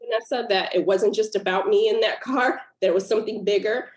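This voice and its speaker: A woman's voice: medium pitch, steady tone, fairly quick. Earnest woman storyteller in a roomy echo. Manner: earnest and emotional, with laughs breaking into the telling. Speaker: guest author. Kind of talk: personal storytelling in a podcast interview.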